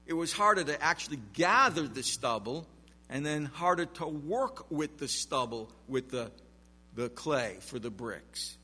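Slow, bright-voiced man preaching emphatically. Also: fairly high pitch, animated, slightly rough, in a large hall. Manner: emphatic preaching with rhetorical questions. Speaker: pastor. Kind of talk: expository sermon.

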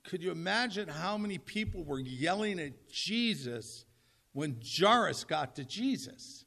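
A man's voice: sits high, expressive, measured pace, creaky, bright, forceful tone. An older man preaching a sermon in a conversational, humorous way, often asking the audience questions. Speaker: pastor.

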